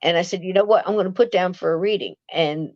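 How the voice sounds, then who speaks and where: A woman's voice: fairly low pitch, quick pace, a little mellow, no echo, highs cut off. A woman telling a paranormal story in casual chat, restarting often and acting out what others said. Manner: chatty, acts out quoted voices, frequent restarts. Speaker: guest, paranormal author.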